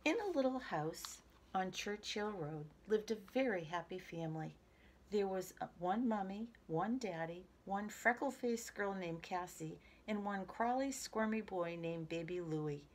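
A woman's voice: medium pitch, measured pace. Woman reading a picture book aloud. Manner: lively, expressive, speaks to children. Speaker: storyteller.

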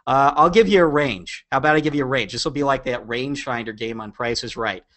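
A man's voice: medium pitch, fairly quick, fairly bright tone. Chatty man hosting a car podcast. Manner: chatty, jokey, teases co-host. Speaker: podcast host. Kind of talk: casual podcast chat.

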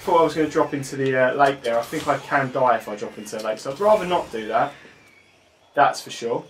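A man commentating his own gameplay casually, with excited outbursts and halting moments when he reads on-screen text aloud. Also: medium pitch, slight background noise.

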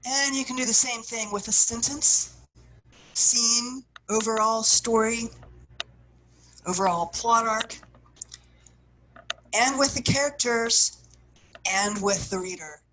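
A woman teaching a writing workshop, guiding her listeners through exercises and acting out the feelings she describes, with phrases that often trail off softly. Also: a little high, slow pace, long pauses, a little hiss or hum, low-quality recording. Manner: expressive, acts out what she describes, soft trailing phrases. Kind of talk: guided workshop instruction.

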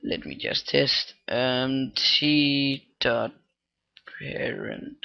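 Tutorial guy, very slow and gravelly, muttering through fillers and restarts, dull dry cheap-mic sound. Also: dry recording. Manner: halting, thinks aloud, many fillers and restarts. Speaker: scripting tutorial maker. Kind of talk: casual screen-recorded coding tutorial. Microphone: cheap computer microphone. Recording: dull, low-quality microphone.

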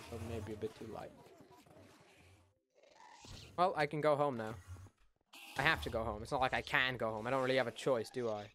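A young man in his late teens giving casual gameplay commentary, swearing a lot and swinging between loud outbursts and mumbled asides. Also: medium pitch, a little hiss or hum. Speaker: gaming YouTuber.

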